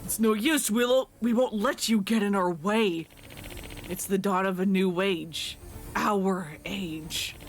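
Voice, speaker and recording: A woman voicing a grandiose villain of a pervert gang in a video game, declaring slowly and theatrically. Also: mid-range voice, soft background music, natural voice.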